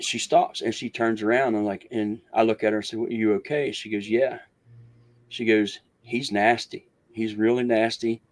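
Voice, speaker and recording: Low-voiced man telling a long story. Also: a little mellow. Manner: rambling, restarts, acts out others' words. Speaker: guest researcher. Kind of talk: storytelling in a casual interview.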